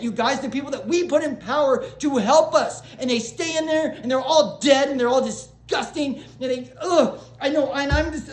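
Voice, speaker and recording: A woman's voice: high voice, normal speed, few pauses. Rambling, agitated woman vlogger in an echoey room. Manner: agitated, rambling, with frequent restarts and swearing; apologetic asides to viewers. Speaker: small-channel vlogger. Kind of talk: unscripted rant to camera. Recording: roomy echo.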